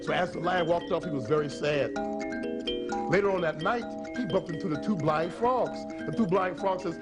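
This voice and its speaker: Male children's storyteller, animated, slightly high voice. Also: moderate pace, loud music behind the voice. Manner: animated, engaging the audience. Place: library.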